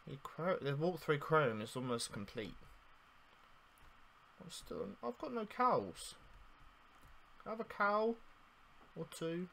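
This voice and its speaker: Guy yelling and sulking at his game, jumpy pitch, slow drawl, faint keyboard clicks. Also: big pitch swings, creaky, slight background noise. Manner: exasperated, swears, swings from loud outbursts to mock mourning. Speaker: gaming YouTuber. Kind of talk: casual game commentary.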